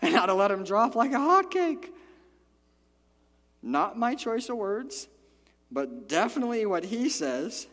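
Male pastor, high voice, lively sermon delivery, acts out the lines, long hall reverb. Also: unhurried, pauses often. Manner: animated, acts out quotes with big pitch jumps.

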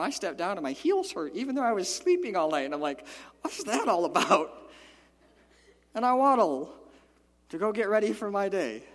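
A man preaching a sermon as a pastor, animated and playful, acting out the quoted lines with big jumps in his voice. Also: high voice, big-room sound.

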